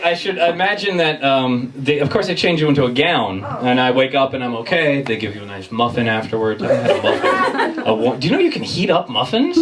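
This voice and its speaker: Profane, animated male stand-up comic. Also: high-pitched, very noisy. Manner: profane, animated, self-mocking. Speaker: stand-up comedian. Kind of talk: stand-up storytelling. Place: bar comedy night stage. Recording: distant mic with crowd laughter. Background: audience laughter.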